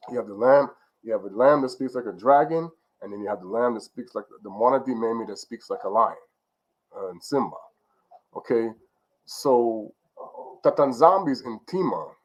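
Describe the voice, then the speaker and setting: A man's voice: mid-range voice, darkish tone, poor audio. A man giving an informal spiritual teaching, rambling with many fillers and restarts and often checking in with "okay?".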